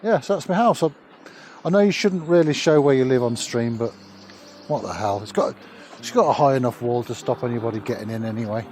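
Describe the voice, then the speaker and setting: A man's voice: medium pitch, a little fast, darkish tone, a little hiss or hum. A man vlogging casually outdoors on a cycling trip, chatty and jokey, swearing freely, recorded on a handheld camera. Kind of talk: casual travel vlog.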